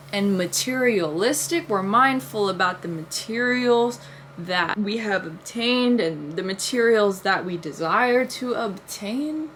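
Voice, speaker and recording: A woman's voice: mid-range voice, fairly bright tone, slight background noise. A young woman vlogger telling a long dream story and musing aloud, full of "like" fillers and casual swearing.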